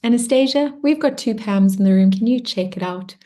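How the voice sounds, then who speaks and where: A woman closing a guided meditation and warmly encouraging an online group as she reads out their comments. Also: fairly high pitch, fairly quick. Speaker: meditation and spiritual workshop leader. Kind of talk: guided meditation close and live group check-in.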